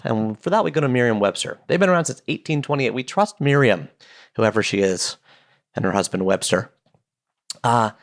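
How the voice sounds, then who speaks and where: A man hosting a solo podcast from his basement, chatty and playful, wandering off into quick jokes and asides. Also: medium pitch. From Canada. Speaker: podcast host. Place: home basement.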